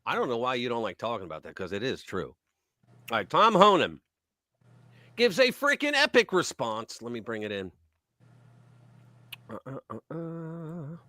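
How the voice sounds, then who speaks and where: A man hosting a live news talk stream, talking in a casual, mocking way and swinging between loud remarks and muttered asides. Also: mid-range voice, wildly swooping pitch, normal speed, long pauses, no room sound.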